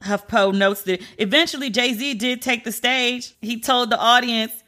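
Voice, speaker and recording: Bright-voiced woman dishing celebrity news. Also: fairly high pitch, steady tone, a little slow. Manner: candid, chatty, emphatic asides. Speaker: pop culture commentator. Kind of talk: casual celebrity news commentary.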